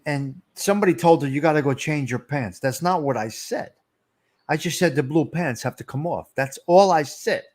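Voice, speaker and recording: A middle-aged man, rambling and teasing viewers by name as he hosts a casual live stream. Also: a little high. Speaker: livestream host.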